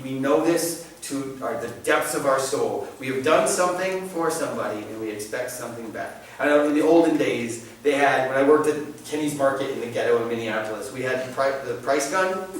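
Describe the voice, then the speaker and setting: A man giving a church teaching talk in an animated, joking, conversational way. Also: mid-range voice, fairly quick, a little hiss or hum. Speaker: church catechist speaker. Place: church hall. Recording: echoey hall, distant mic.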